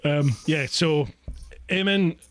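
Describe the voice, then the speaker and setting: A man's voice: a little high, slow, over a noisy crowd. A Scottish man hosting a podcast, chatting casually and laughing often at himself. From Scotland. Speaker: podcast host. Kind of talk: casual chat.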